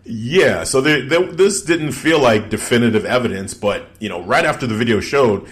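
A man hosting a casual podcast, recapping events in an animated storytelling way and acting out the quotes. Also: mid-range voice, moderate pace. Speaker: podcast host recapping wrestling. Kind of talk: casual chat.

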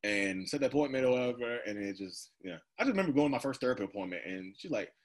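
Husky man in his thirties, candid and rambling. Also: mid-range voice, expressive, fast talker. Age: 30s. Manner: casual, rambling, laughs often, quotes himself in asides. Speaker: interview guest. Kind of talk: candid personal conversation.

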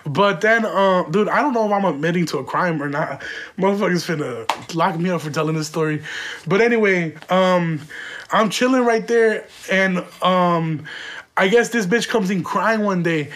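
A man with a high voice spins a comic story from his own life. He rambles, swears freely and stacks up "like" fillers in an animated, slangy delivery. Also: normal speed. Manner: rambling, profane, with many "like" fillers. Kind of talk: comedic storytelling.

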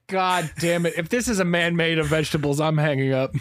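A man's voice: fairly high pitch, fairly quick, a bit bright, no room sound. A man co-hosting a podcast, cracking sarcastic quips in casual talk. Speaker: podcast co-host. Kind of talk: casual chat.

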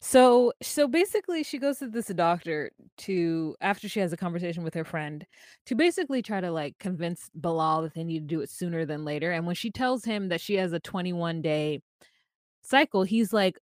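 Woman co-host, casual and wry, lower pitch, dead-dry close recording. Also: lively intonation, moderate pace, no echo. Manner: chatty, wry asides. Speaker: podcast co-host. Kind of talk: casual chat recapping a reality show.

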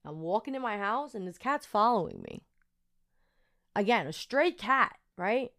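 A young woman hosting a podcast, telling a personal story in a chatty, animated way with lots of fillers. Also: mid-range voice, a little slow, gravelly. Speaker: podcast host. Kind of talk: casual storytelling monologue.

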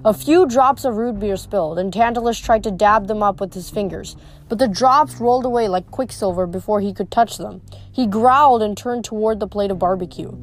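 Casting: amateur woman reader of a novel, unpolished, average pitch. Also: brisk, a little hiss or hum. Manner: unpolished reading with frequent slips and restarts. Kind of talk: reading a novel aloud.

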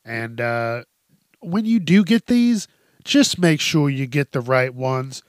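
A man's voice: mid-range voice, animated, slow pace, no room sound, studio quality. A man hosting a podcast, ranting bluntly in casual chat, swearing freely and laughing often. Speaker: podcast host. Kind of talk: casual solo rant.

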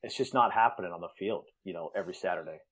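A man co-hosting a sports podcast, with a gravelly, husky voice in casual chat. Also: deep voice, rapid-fire, a bit bright. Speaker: podcast co-host.

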